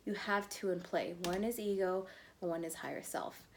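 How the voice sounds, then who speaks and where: A woman's voice: lowish voice, moderate pace, slight background noise. A young adult woman, a love coach, talking casually and bluntly to her viewers, swearing freely. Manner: blunt, swears freely, calls listeners bro. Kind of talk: casual vlog-style talk to viewers.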